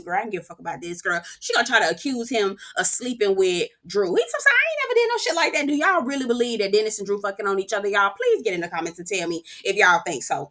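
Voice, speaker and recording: Sassy, bright-voiced woman recapping reality TV. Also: medium pitch. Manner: sassy, profane, animated reactions to the show. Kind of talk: casual commentary.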